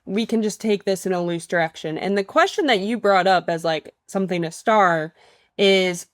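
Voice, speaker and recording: A woman's voice: medium pitch, normal speed, dry recording, studio quality. A woman hosting a podcast and teaching voice, asking questions in a thoughtful, chatty way. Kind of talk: casual podcast interview.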